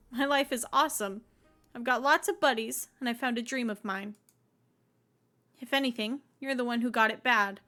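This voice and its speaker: A woman's voice: a little high, sharp tone. A woman reading as a brash, teasing young fighter woman over faint game music.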